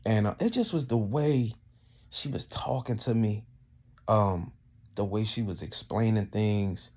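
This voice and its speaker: A man's voice: lowish voice, expressive, measured pace, darkish tone. A man ranting heatedly and indignantly, full of profanity, his voice climbing as he gets worked up. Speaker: vlogger. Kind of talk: casual profane rant to camera.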